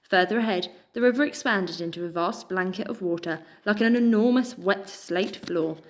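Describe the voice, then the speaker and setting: A woman, reading a children's book aloud in a measured, expressive way. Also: medium pitch. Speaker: storyteller.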